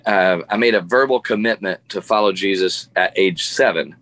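A man's voice: deep voice, moderate pace, no echo. Middle aged guy telling a funny story on a radio show, laughs a lot, keeps restarting, dry close sound. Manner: animated storyteller, laughs often, frequent restarts. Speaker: guest musician.

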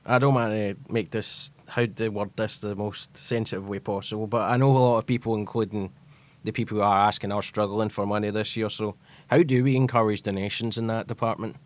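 A man's voice: lowish voice, fairly even intonation, a little fast, few pauses. A man hosting a community radio show, introducing a guest and asking questions in a friendly, lightly joking way. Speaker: radio host.

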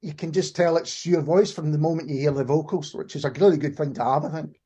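A man's voice: fairly high pitch, steady tone, fast talker, dark tone, husky. A man hosting a casual interview in an easygoing way, often stumbling over the first words of a phrase. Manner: easygoing, stammers at the start of phrases. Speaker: interview host.

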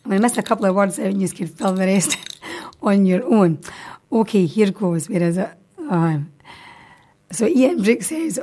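Woman radio host, mid-pitched, easygoing chat between tracks. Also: animated, moderate pace, dark tone. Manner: chatty, reads listener jokes aloud.

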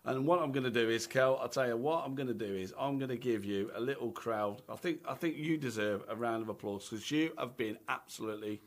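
A man's voice: mid-range voice, brisk, hardly any pauses. A Scottish man hosting a casual radio chat, talking chattily and tagging his sentences with "okay" and "right?". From Scotland. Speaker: radio show host and drummer.

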